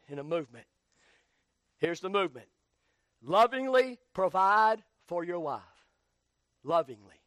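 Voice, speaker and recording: A man's voice: high-pitched, a bit bright, no echo. A man preaching a sermon in rhythmic, repeated phrases that rise to emphatic calls.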